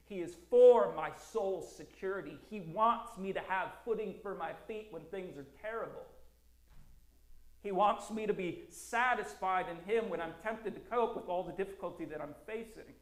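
A man preaching a sermon as a pastor, earnest and emphatic, with slow, deliberate phrasing and repeated lines. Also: high voice. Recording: roomy echo.

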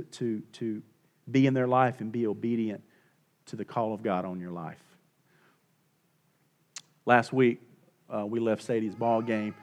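A middle-aged male pastor with a mid-range voice preaches a sermon. He swings between hushed and loud, repeating his points for emphasis.

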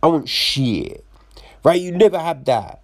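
Slow-talking man ranting, swearing freely. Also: a little high, very animated. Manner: profane, rambling, frequent restarts; incredulous, rhetorical questions. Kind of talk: casual rant about films.

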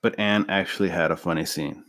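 A man's voice: low-pitched, brisk. A man hosting a podcast, chatting casually and acting out quoted lines as he retells scenes. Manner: animated retelling, acts out quotes. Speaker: podcast host. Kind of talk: casual chat.

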